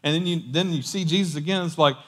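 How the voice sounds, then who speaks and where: A man preaching a sermon in a casual, animated storytelling way. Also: a little high, quick pace.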